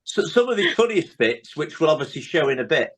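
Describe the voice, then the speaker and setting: A man's voice: fairly high pitch, sing-song, fairly quick. A man hosting a podcast, chatting casually and retelling comedy scenes with many tag questions. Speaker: podcast host. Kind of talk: casual chat.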